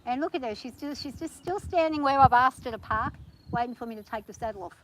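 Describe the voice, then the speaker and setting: A woman vlogging from horseback on her farm, talking nervously and gently soothing her horse. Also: high voice, fast, noisy background. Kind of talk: casual spoken vlog.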